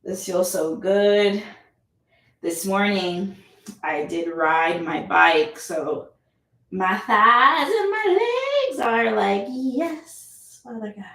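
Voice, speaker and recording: A woman's voice: medium pitch, lively intonation, drawn-out words, gravelly, a bit bright. A woman yoga instructor guiding a class, upbeat and playful, chatty with whoops and laughter. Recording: echoey room, mic at a distance.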